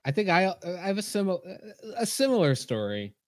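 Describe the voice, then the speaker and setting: Animated man telling profane anecdotes, dry sound. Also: high voice, brisk, dry recording. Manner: animated, profane storyteller who acts out quotes. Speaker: podcast co-host. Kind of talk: casual storytelling chat.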